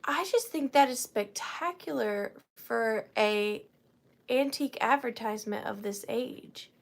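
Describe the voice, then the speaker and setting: This woman's voice is on the high side and creaky, with a measured pace. She's hosting a live-stream antiques auction from home, addressing viewers by name and counting down bids.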